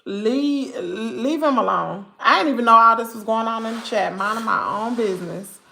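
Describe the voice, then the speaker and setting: A woman's voice: on the high side, steady tone, a little fast, gravelly, pushed and bright, a little hiss or hum. A woman with a Southern American accent, hosting a casual livestream chat and talking to viewers in a chatty, exclamatory way that turns to scolding the chat. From Mississippi, US South. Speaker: channel host.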